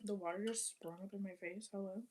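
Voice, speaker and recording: A woman's voice: mid-range voice, steady tone, a little fast, darkish tone, slight background noise. A young woman chatting casually while cleaning her apartment, rambling with lots of fillers and casual swearing. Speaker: vlogger.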